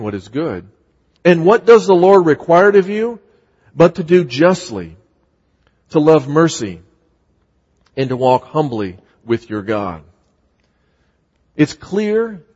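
A man's voice: on the high side, a little mellow, husky. Emphatic male preacher in a reverberant hall. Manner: emphatic, repeats words, voices scripture quotes dramatically. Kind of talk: sermon. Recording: muffled sound with long hall reverb.

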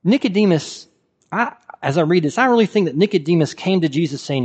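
A man's voice: high-pitched, expressive, a little fast, darkish tone, husky. A man preaching a sermon in a conversational way, asking his listeners rhetorical questions. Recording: reverberant hall.

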